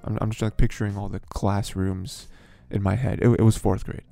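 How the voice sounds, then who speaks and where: A man's voice: lowish voice, little pitch movement, fairly quick, vocal fry, dark tone, dry recording, faint music behind. A young man hosting a podcast, talking in a rambling, filler-heavy, exasperated way. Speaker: podcast host. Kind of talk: casual commentary.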